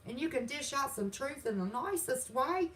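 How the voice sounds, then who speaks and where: Sassy Southern woman hosting a home livestream, folksy and defiant, pitch swings a lot. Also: expressive, normal speed, fairly bright tone, recorded from a distance, a little hiss or hum, low-quality recording. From West Virginia. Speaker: channel host. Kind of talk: livestream chat reading comments. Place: home, indoors.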